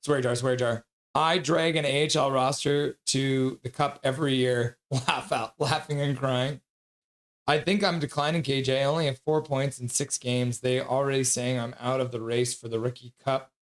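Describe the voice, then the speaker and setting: A tired man streaming live hockey play-by-play, calling the action in quick running commentary and reading chat aloud between plays. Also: mid-range voice, fairly even intonation.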